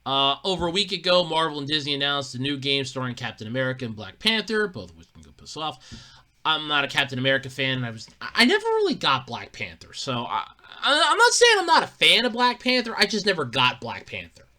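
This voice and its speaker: Bright, animated, profane podcast ranter. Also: medium pitch, fast, few pauses. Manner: profane, emphatic, repeats and restarts when worked up; swings between mutters and loud outbursts. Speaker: podcast host. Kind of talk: solo gaming news podcast rant.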